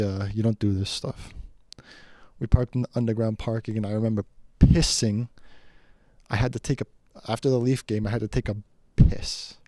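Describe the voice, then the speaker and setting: A man's voice: mid-range voice, warm tone, no room sound. A man telling a rambling, casual personal story, quoting the people in it. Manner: rambling, chatty, quotes people in his story.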